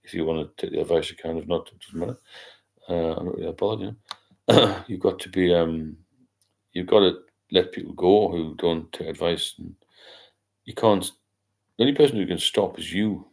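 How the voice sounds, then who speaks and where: A man's voice: low-pitched, normal speed, vocal fry, darkish tone. An older man, hosting a casual late-night livestream and rambling as he reads out viewer comments. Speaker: livestream host.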